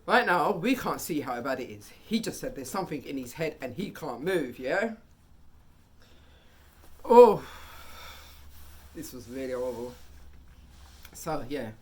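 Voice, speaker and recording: A man vlogging a casual storytime monologue, animated, getting loud and high at tense moments. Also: measured pace, long pauses.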